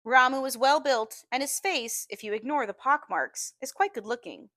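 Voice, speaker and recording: A woman reading a novel aloud in a measured storytelling manner, slowing down to stress key phrases. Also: high voice, a bit bright, dry recording. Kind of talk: audiobook-style reading.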